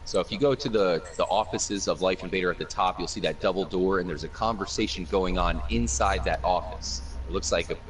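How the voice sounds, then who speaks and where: A man's voice: sits low, a little fast, hardly any pauses. A man hosting a casual gaming discussion show, upbeat and talking straight to his guests and viewers. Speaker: show host. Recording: distant mic with faint noise.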